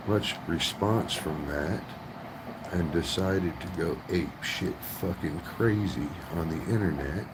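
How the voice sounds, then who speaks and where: A man's voice: deep voice, noisy background. A man ranting on his vlog in a profane, rambling way, forever tagging lines with right. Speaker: vlogger.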